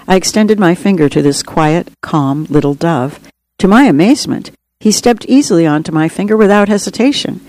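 A woman's voice: fairly low pitch, mellow, poor audio. An author reading her memoir aloud in an earnest, reflective narration. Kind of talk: audiobook narration.

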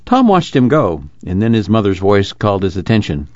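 A man reading an audiobook aloud in a steady storytelling manner. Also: on the low side, a little fast, no room sound, muffled recording. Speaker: audiobook reader. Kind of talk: scripted narration.

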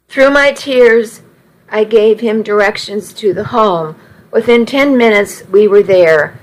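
A woman reading a first-person story aloud. Her delivery is very slow and measured. Her pitch sits in the middle range. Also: poor audio. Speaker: narrator.

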